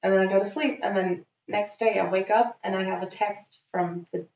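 Animated young woman, sweary storyteller. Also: mid-range voice, moderate pace. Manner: animated, swears freely, acts out quotes. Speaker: guest telling a story. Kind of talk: casual storytelling. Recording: dull roomy recording.

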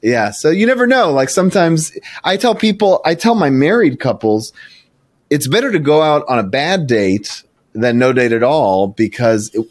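A man's voice: mid-range voice, normal speed, no room sound, clean studio sound. A man in his thirties hosting a casual interview, telling stories with lots of laughter. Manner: animated storyteller, laughs often, acts out quoted voices. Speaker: podcast host.

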